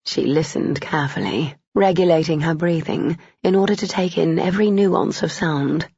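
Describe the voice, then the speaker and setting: A woman reading a romance novel aloud as an audiobook narrator, steady and even. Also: low-pitched, moderate pace, few pauses, breathy edge, dry recording. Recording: dull, dry, lo-fi.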